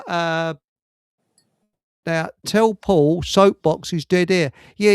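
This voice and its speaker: A man's voice: a little high, gravelly, no echo, clean studio sound. A man hosting a live radio chat with a Hertfordshire accent, joking and rambling with many fillers and restarts. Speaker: radio show host.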